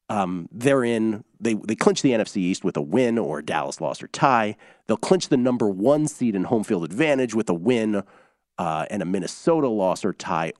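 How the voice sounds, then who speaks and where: A man's voice: lowish voice, a little mellow, no room sound, clean studio sound. A man hosting a sports betting radio show, talking loosely and rambling through scores and stats.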